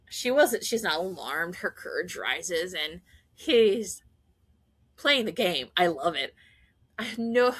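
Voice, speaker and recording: A woman podcast host giving a casual, animated fan recap, gushing and laughing often. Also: on the low side, slow pace, pauses often, dry recording.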